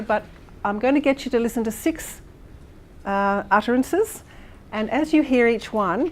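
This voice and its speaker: Teacher trainer, woman, chatty explainer, stops and restarts a lot, faint background hiss. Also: mid-range voice. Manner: explanatory, many fillers and restarts, checks in with the audience. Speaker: teacher trainer presenting a workshop. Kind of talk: workshop demonstration for teachers.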